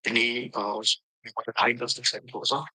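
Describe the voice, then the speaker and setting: A man from India with an Indian accent, giving a halting testimonial about his coach. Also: medium pitch, flat delivery, pushed and bright, low-quality recording. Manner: halting, with many fillers and restarts. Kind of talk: recorded testimonial.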